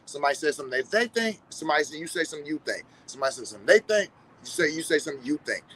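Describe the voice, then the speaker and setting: A man's voice: fairly high pitch, sing-song, rapid-fire, a bit bright, a little hiss or hum, poor audio. A man in a reflective casual monologue, speaking directly to his viewers in a conversational, profane way. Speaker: vlogger.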